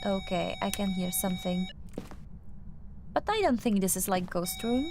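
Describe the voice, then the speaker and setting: A woman's voice: mid-range voice, animated, normal speed, background noise. A young woman streamer with a non-native English accent, chatting through a game with many fillers and restarts. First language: not English. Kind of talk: casual gameplay commentary.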